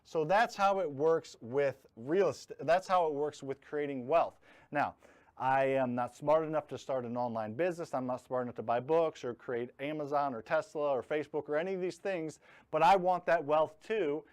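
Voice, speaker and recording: A man's voice: fairly high pitch, normal speed, darkish tone. Man, blunt live training talk, jokey, punches key words. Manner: blunt, joking, leans hard on key words. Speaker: host teaching real estate investing.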